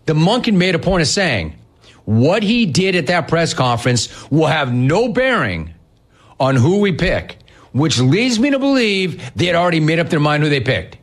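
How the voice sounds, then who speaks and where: A man hosting a sports talk show, ranting in a sarcastic, mocking, incredulous way. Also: fairly high pitch. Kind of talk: opinionated sports rant.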